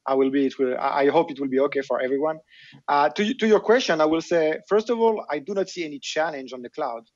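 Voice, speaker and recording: A man's voice: on the high side, lively intonation, fast, no room sound, muffled recording. A man with a French accent speaking as a guest on a panel, hesitant with many filler sounds, over a remote call. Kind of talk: panel discussion.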